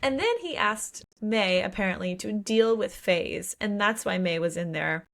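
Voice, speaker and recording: A young woman co-hosting a book podcast, recapping chapters in a lively, casual way, swearing freely and acting out quotes. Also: mid-range voice, unhurried, vocal fry. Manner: animated retelling with acted quotes and swearing. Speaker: podcast co-host.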